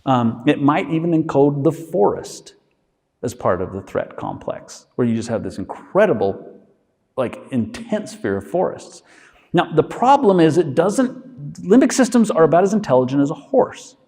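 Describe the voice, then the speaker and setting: A man's voice: on the high side, sing-song, dark tone, in a large hall. A man, a physician, giving a conversational lecture and checking in with his listeners with a frequent "okay?". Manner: acts out inner voices in quick asides.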